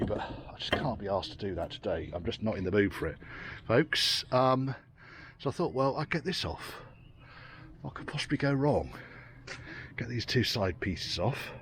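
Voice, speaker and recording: A man's voice: fairly low pitch, lively intonation, moderate pace, slight background noise. A tired, rain-soaked man talking casually as he works on old vehicles outdoors, muttering, swearing freely and making dry asides. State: tired and soaking wet. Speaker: classic car restorer vlogger.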